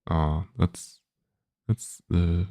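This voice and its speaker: A man's voice: low voice, flat delivery, very slow, warm tone, no echo, studio quality. A man, a game developer, thinking aloud casually while coding, hesitant with many filler sounds.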